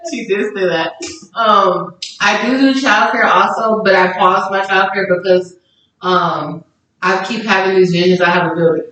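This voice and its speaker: A woman's voice: mid-range voice, fairly even intonation, moderate pace, fairly bright tone. A woman guest chatting casually on a podcast about her businesses, rambling with fillers and restarts. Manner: rambling, self-correcting with many fillers. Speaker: guest small-business owner. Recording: very echoey room, mic far off.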